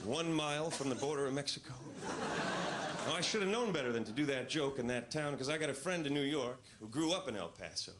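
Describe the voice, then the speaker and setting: A male stand-up comedian telling stories in a deadpan, incredulous way on a club stage into a handheld mic. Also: medium pitch, fairly quick, a crowd in the background. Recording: loud audience noise, live club.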